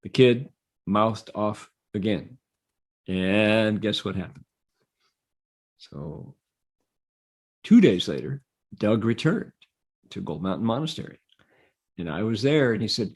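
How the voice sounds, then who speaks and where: A man giving a Buddhist dharma talk, telling a story with animated delivery and leading mantra chants. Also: lowish voice, unhurried, long pauses.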